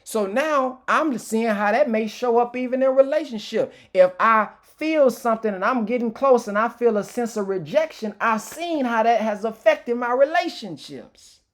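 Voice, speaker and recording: A man's voice: very high voice, lively intonation, moderate pace, few pauses. A man giving an informal, emotional personal testimony as a motivational speaker, candid and reflective, often restarting his sentences.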